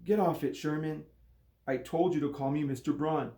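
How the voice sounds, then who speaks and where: A man voicing an angry gym teacher trapped in a boy's body, indignant and shouting threats. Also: a little high, moderate pace, reverberant, close to an everyday voice. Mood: furious.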